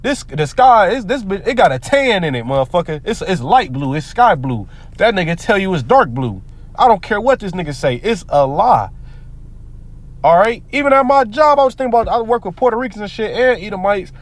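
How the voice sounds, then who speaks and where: Heated, high-voiced preachy vlogger man. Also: very animated, brisk. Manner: heated, profane and preachy, reads scripture aloud. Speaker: commentary vlogger. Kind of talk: profane street-preacher commentary.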